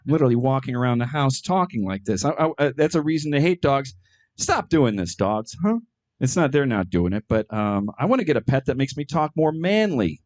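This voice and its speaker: A middle-aged man performing stand-up, telling absurd jokes with a deadpan, hesitant delivery full of ums. His pitch swings widely from low mutters to sudden high bursts. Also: moderate pace. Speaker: stand-up comedian. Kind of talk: stand-up comedy set.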